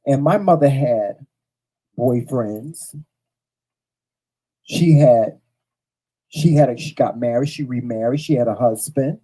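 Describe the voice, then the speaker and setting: A man's voice: medium pitch, slow, pauses often, warm tone, breathy edge, poor audio. A man hosting a casual show, telling a personal story straight to viewers, blunt and profane, repeating phrases for emphasis. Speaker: host.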